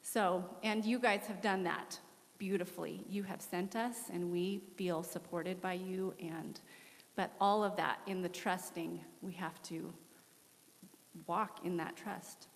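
Woman in her 40s sharing her mission story on a church stage, candid and animated, big room reverb. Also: lowish voice, a little slow. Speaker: missionary guest. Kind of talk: testimony in a church interview. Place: church worship center. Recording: echoey church hall.

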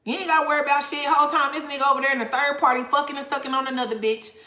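A woman's voice: sits high, fairly even intonation, racing, bright, forceful tone, echoey room. A woman tarot reader talking casually to viewers, blunt and profane, laughing often. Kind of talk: casual tarot reading livestream rant.

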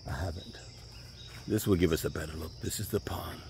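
Deep-voiced and fairly quick, a man strolls beside a pond giving a relaxed, folksy walking tour of his land in Southern US speech. Birds and insects can be heard faintly outdoors.

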